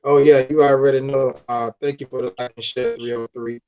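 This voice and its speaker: A man's voice: mid-range voice, flat delivery, fairly quick, darkish tone. A man chatting loosely on a live stream, full of slang, greeting viewers and reading their comments aloud. His voice sits in an ordinary middle range. The audio comes through dull and lo-fi. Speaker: livestream host. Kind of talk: casual live stream chat.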